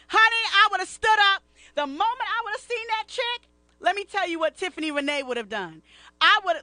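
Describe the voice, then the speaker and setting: A woman's voice: very high-pitched, dry recording. A woman hosting a talk radio show, chatting casually and sassily, addressing her listeners directly. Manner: animated, sassy, talks to listeners directly.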